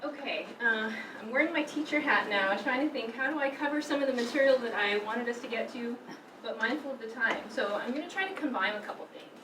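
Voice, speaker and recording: A woman's voice: on the high side, quick pace. A woman workshop presenter guiding a group discussion, thoughtful with frequent fillers, in a conference room. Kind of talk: workshop facilitation. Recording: roomy, from far off with background noise.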